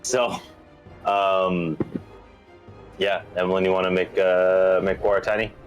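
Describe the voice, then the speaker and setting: A man with a very deep voice, playing a tabletop game with friends. He talks casually and hesitantly, full of ums and uhs. Faint music plays underneath. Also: little pitch movement, slow pace, smooth, lo-fi sound. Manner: casual, hesitant, many fillers. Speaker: player.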